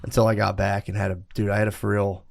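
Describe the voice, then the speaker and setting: A man's voice: lowish voice, completely flat delivery, quick pace, creaky. A man in his thirties, a podcast co-host, telling a profane, rambling comedic story and laughing at himself.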